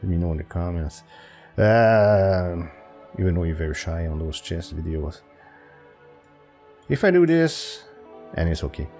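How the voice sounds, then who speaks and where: A man's voice: steady tone, moderate pace, warm tone, soft background music. A man thinking aloud while solving chess puzzles for his channel, hesitant and full of restarts. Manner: hesitant, self-talking with restarts and pitch jumps. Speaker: chess video creator.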